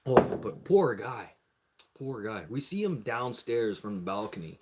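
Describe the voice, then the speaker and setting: A man's voice: fairly low pitch, measured pace, a little hiss or hum. A man on a live stream telling a long story in a casual way, swearing freely and acting out what other people said. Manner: animated, profane, acts out the voices of others.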